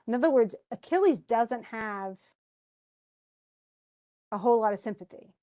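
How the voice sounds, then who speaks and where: A woman casually retelling and discussing a book chapter in an animated, conversational way, as a teacher. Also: fairly high pitch, normal speed, long pauses.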